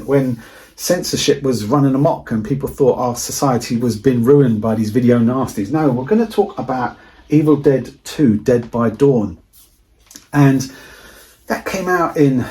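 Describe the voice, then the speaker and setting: A man's voice: medium pitch, darkish tone. Chatty middle-aged man telling a story. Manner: rambling, repeats himself, chatty retelling. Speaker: movie collector vlogger. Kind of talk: casual anecdote storytelling.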